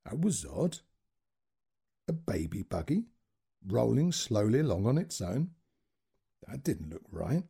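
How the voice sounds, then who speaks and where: Husky, expressive male storyteller. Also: medium pitch, measured pace, pauses often. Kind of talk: short story reading.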